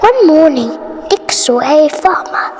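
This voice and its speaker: A woman with an Indonesian accent reading a bedtime story aloud in a soft, often whispery voice. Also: sits high, sing-song, unhurried. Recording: reverberant room, faint noise.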